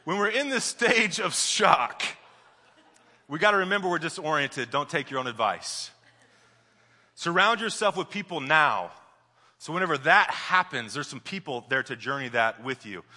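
A young man preaching a sermon as pastor, an animated storyteller who builds up loudly, then drops to a soft, quiet voice. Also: fairly high pitch, normal speed. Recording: long hall reverb.

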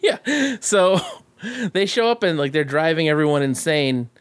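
A man's voice: a little high, big pitch swings, measured pace, clear, resonant tone. A man co-hosting a podcast, recapping a movie in casual chat, sarcastic and profane, laughing often. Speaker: podcast co-host.

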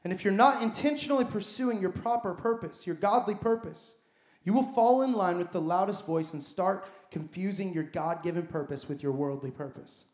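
A man's voice: high voice, moderate pace, a little mellow. A man preaching a sermon as pastor, emphatic and building his points with repeated phrases. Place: church sanctuary. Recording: echoey church hall.

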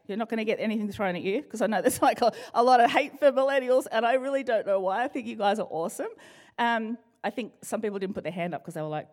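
Playful middle-aged woman preaching to a congregation. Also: fairly high pitch. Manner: playful, joking, talks straight to the congregation. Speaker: church speaker. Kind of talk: conversational sermon.

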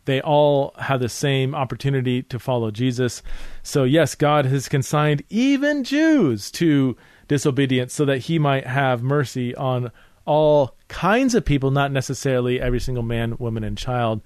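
Explaining theology on his podcast, this man delivers an earnest, casual teaching monologue full of fillers and false starts. His mid-range voice is smooth with a darkish tone, he talks at normal speed, and there's no room sound.

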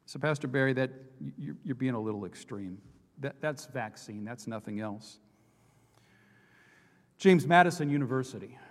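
A man's voice: medium pitch, animated, normal speed, long pauses. A male pastor preaching an impassioned sermon, repeating and restarting phrases as he builds his points. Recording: long hall reverb.

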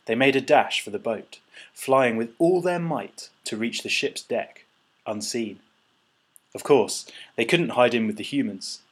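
Husky male storybook narrator. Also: mid-range voice, measured pace. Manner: storytelling, voices characters. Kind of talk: audiobook narration.

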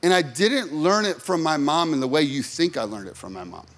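A man's voice: fairly high pitch, expressive, brisk, fairly bright tone. A man preaching a sermon in a chatty storytelling way, asking the congregation questions as he goes. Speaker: pastor.

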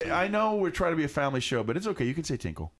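A man's voice: fairly high pitch, very animated, rapid-fire. A man doing playful improvised comedy chat, jumping in and out of silly voices.

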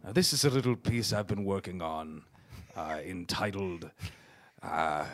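A man improvising a self-important amateur theater actor who speaks in grand, drawn-out declarations. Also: deep voice, animated, voice pushed down. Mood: grandiose. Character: pompous grandiose male community-theater actor. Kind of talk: improvised comedy scene.

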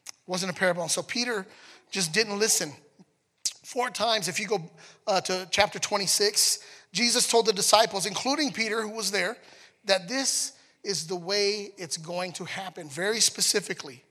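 A man preaching a sermon in a conversational, animated way, acting out scenes as he goes. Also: sits high, normal speed, in a large hall. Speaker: pastor.

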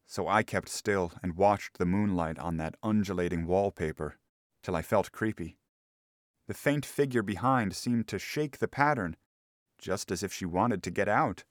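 A man giving a scripted narration of a classic story, measured and deliberate, into a studio microphone. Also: fairly low pitch, dry recording. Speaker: audiobook narrator.

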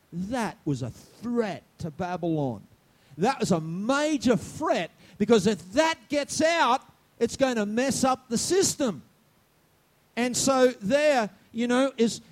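A male pastor preaching a sermon in a high, lively voice that leaps up and down. He rises into loud outbursts, drops to low asides, and keeps checking in with the congregation. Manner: asks the congregation questions. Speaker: senior pastor.

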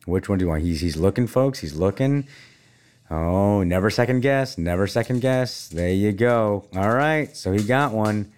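A man's voice: lowish voice, normal speed, clean tone. A middle-aged man hosting a casual chat, playful and teasing, talking straight to his listeners. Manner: animated, playful teasing, talks to listeners as folks. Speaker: podcast host.

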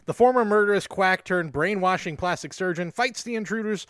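A man's voice: high-pitched, a little fast, a bit bright, dry recording, studio quality. A young man co-hosting a podcast, recapping a movie in casual, sarcastic chat and swearing now and then. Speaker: podcast co-host.

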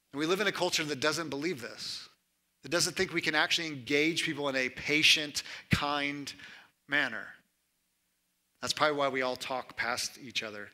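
A man in his thirties delivering a sermon with a very bright, slightly high voice. He preaches in a chatty, conversational way, checking in with "right?" and swinging between lifted emphasis and hushed, lowered lines. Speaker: pastor.

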